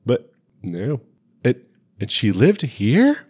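Podcast dude chatting about a movie, voice bounces all over, jokey and loose, swears a bit. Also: male voice, medium pitch, takes it slowly, slightly rough. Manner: animated, swearing, laughs often. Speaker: podcast co-host. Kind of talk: casual chat.

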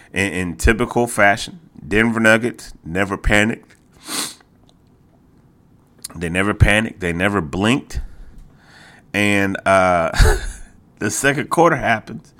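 A man hosting a solo sports podcast, talking casually and getting exasperated, his voice jumping high when worked up, repeating himself and stumbling into restarts. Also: fairly bright tone. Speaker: podcast host.

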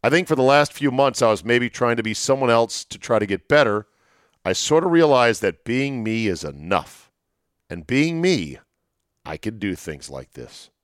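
A man hosting a talk show, telling stories in a chatty, wry way, his voice going hoarse. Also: mid-range voice, expressive, moderate pace, no echo, clean studio sound. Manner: chatty, storytelling, wry asides. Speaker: sports radio host. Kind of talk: solo monologue, casual chat.

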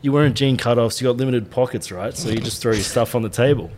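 A man's voice: medium pitch, fast, darkish tone, slight background noise. A man co-hosting a podcast, telling rambling, sweary anecdotes and laughing often. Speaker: podcast co-host. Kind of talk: casual storytelling chat.

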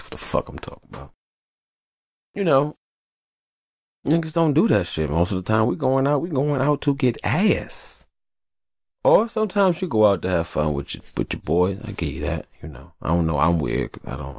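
A man hosting a podcast alone, talking in a casual, rambling and profane monologue, telling stories in an animated way. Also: low-pitched, normal speed, no room sound, studio quality. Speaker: podcast host.

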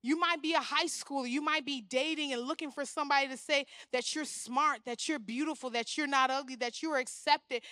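A young woman preaching a sermon, animated, often acting out the voices she quotes. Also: high-pitched, brisk, hardly any pauses, no room sound, studio quality. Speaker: guest speaker.

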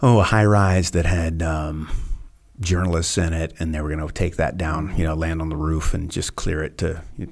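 A man's voice: extremely low pitch, flat delivery, normal speed, creaky. A man in his fifties, a former Navy SEAL guest on a podcast, telling laid-back anecdotes full of fillers and quoted voices. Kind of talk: casual storytelling interview.

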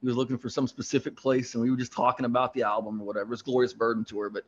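A middle-aged man, a podcast guest, telling rambling, animated anecdotes in casual chat. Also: mid-range voice, rapid-fire. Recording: dull lo-fi sound.

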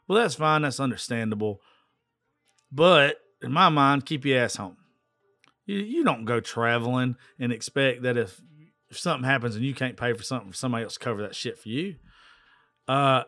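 A man's voice: mid-range voice, fairly bright tone, no echo, clean studio sound. A man hosting his own podcast, telling a story as a blunt, profane, exasperated rant. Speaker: podcast host.

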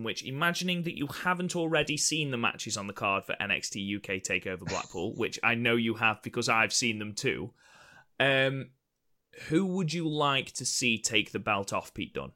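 A man talks through a wrestling show in casual podcast chat. He is jokey and loose and swears now and then. His voice is bright and forward, at a middling pitch. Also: normal speed. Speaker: podcast co-host.

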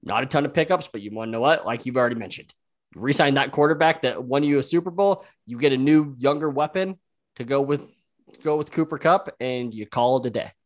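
A man in relaxed sports talk with an easygoing manner, often pausing on um and like as he works through his points. His voice has an ordinary middle pitch. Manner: easygoing, many fillers like um and like. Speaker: podcast co-host. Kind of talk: casual sports chat.

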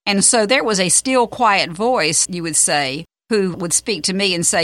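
Woman doing a church radio devotional, bright clear tone, dry studio sound, earnest and gentle. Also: mid-range voice, unhurried, no room sound. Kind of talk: devotional radio talk and scripture reading.

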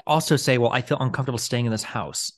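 A man's voice: mid-range voice, fast, no room sound. A man debating at breakneck speed, cutting in and hammering his opponents for yes-or-no answers. His voice is dry and close, with no room sound. It comes through a video call. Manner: pressing, interrupting, demands yes-or-no answers. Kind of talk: heated online debate.

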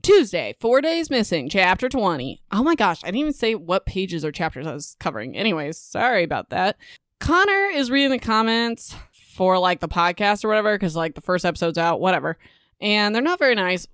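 A young woman hosting a book podcast, recapping chapters in a chatty, rambling way with animated asides. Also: medium pitch, fairly quick, dry recording, studio quality.

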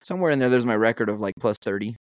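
A young man on a casual podcast, telling stories in a relaxed, laid-back way and swearing freely. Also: fairly low pitch, rapid-fire, no echo. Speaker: podcast co-host. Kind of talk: casual chat.

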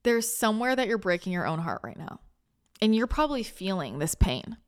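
A woman's voice: mid-range voice, very animated, fairly quick, clean tone. A woman hosting a spiritual podcast, talking in a chatty, rambling way with many restarts, emotional and close to tears. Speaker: spiritual channel and podcast host. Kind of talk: casual spiritual talk.

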